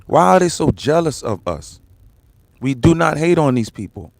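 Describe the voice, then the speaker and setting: A man's voice: on the high side, big pitch swings, moderate pace, gravelly, dry recording. An American man hosting a political commentary livestream, ranting heatedly, repeating his points and firing rhetorical questions while talking straight to his viewers. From United States. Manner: addresses viewers and the comment section directly. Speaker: livestream host.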